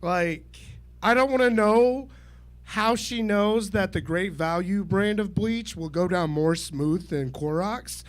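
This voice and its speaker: A man in his thirties does stand-up at a small club mic. His voice sits high and he takes it slowly. He is deadpan and self-deprecating and chuckles at his own lines. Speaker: stand-up comedian. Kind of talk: stand-up set at an open mic. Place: small comedy venue.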